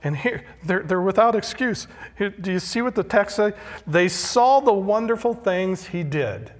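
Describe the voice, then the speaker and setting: A male pastor preaching a sermon, emphatic and deliberate, repeating key phrases. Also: high-pitched, animated. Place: church sanctuary. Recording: long hall reverb.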